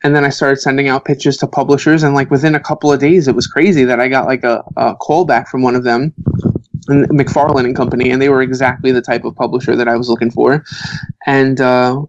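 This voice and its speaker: A man's voice: medium pitch, fairly quick, highs cut off, slight background noise. A man in his thirties from Brooklyn with a New York accent, chatting casually as a guest and acting out the people he quotes. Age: 30s. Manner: animated storyteller, acts out quotes. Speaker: book author guest. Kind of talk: casual podcast chat.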